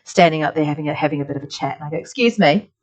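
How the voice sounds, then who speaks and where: A woman's voice: low voice, completely flat delivery, racing, darkish tone. Chatty New Zealand woman art teacher. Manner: chatty, rambling, many "like" fillers. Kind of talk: casual storytelling while drawing.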